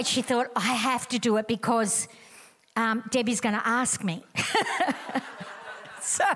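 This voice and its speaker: A woman's voice: high voice, fairly bright tone. Emphatic woman preaching. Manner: emphatic, conversational, repeats key lines. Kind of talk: sermon.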